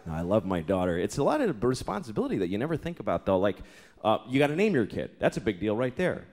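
A man's voice: lowish voice, big pitch swings, fast. A man in his thirties doing a stand-up routine, profane and exasperated, dropping into mock voices. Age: 30s. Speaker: stand-up comedian. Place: comedy club stage. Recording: live club recording with loud crowd and room noise. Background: audience laughter.

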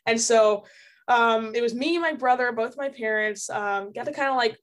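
A young woman reporter who is a podcast guest, reminiscing in a relaxed way with lots of fillers. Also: on the high side, moderate pace. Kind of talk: casual interview chat.

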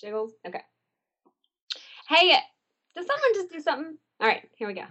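Giggly high-voiced woman. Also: big pitch swings, moderate pace, long pauses, pushed and bright. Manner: giggly, apologetic, uses "y'all". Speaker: web series actor recording a promo. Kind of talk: casual chat with retakes.

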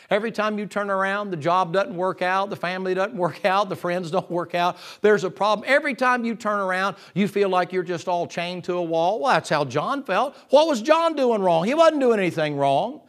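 A man preaching a lively sermon in a folksy, joking way, acting out the people in his story. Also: sits high. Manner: folksy and joking, acts out voices of figures.

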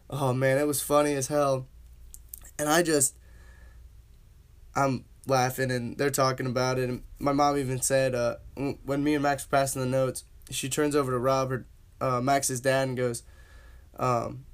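Young male host, casual storyteller, mid-pitched, slangy and relaxed, chuckles through anecdotes. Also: normal speed. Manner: laid-back, slangy, laughs while telling. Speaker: podcast host.

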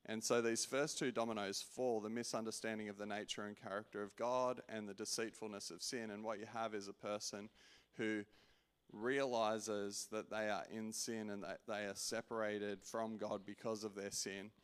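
A man preaching a personal testimony in an earnest way, restarting often and swinging from loud to hushed. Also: lowish voice, level tone, moderate pace, smooth. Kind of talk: sermon testimony.

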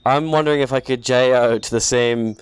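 A man's voice: medium pitch, fairly even intonation, brisk, clear, resonant tone, no echo. A man co-hosting a casual podcast, musing in a laid-back way. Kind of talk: crude casual chat.

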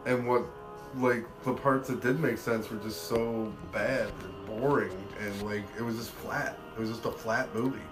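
A man co-hosting a podcast, giving blunt, opinionated takes sprinkled with mild swearing. His voice is mid-pitched and echoes around the room. Faint music plays underneath. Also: fairly even intonation, normal speed. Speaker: podcast co-host. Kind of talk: casual chat.

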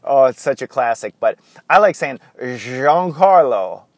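A man's voice: medium pitch, lively intonation, a little slow, no echo. Rambling man hosting a podcast. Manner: rambling, goes off on tangents; chuckles often, many fillers. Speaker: podcast host. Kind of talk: casual solo podcast monologue.

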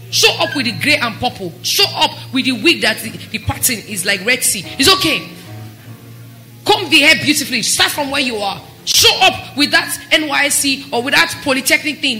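A woman pastor preaches with real fervor, her voice climbing toward near-shouts. Her tone is strikingly bright and sharp. Music plays softly behind her. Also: sits high. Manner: impassioned, rising to near-shouts. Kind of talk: sermon.

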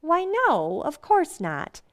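An actress playing a gentle, patient young wife and mother who soothes everyone, in 1940s radio acting. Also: high-pitched, huge pitch swings, slow, full character voice. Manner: gentle, soothing, calling people dear.

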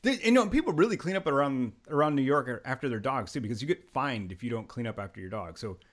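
A man hosting a podcast, telling animated stories in casual chat and laughing often. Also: medium pitch, fast talker. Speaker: podcast host.

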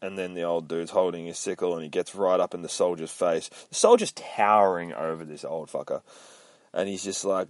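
A man's voice: deep voice, fairly even intonation, brisk, no room sound. A man hosting a casual comic book recap podcast, rambling, swearing a lot and mocking himself. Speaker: podcast host.

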